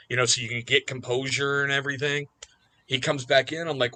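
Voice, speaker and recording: A man's voice: medium pitch, level tone, brisk, bright, forceful tone, low-quality recording. A man who is a podcast guest, openly telling heartfelt personal stories in casual conversation. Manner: open, heartfelt storyteller. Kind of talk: casual storytelling.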